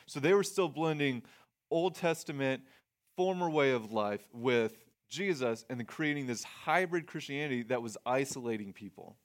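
Speaking at an ordinary pace with a medium pitch and lively inflection, a pastor delivers a conversational sermon. He reads from scripture and breaks it down in plain terms, frequently starting his phrases over.

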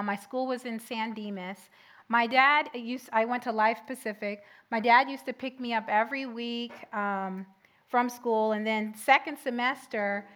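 Lively young woman preaching a sermon. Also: fairly high pitch. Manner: lively storytelling, swings between loud and soft. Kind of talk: sermon with personal story.

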